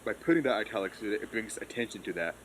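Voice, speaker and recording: A man talking casually about a novel in a rambling, animated way. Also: on the low side, a little hiss or hum. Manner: rambling, animated, quick to laugh. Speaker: podcast co-host or guest. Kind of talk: casual book discussion.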